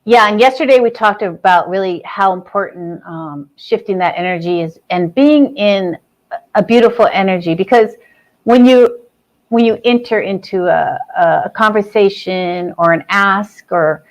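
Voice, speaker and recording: A woman's voice: medium pitch, moderate pace. Woman hosting an online panel. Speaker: host.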